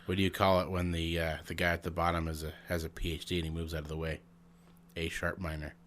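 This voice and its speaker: A man co-hosting a podcast, trading dry, deadpan jokes and puns in casual chat. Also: low voice, fast, a little hiss or hum. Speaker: podcast co-host.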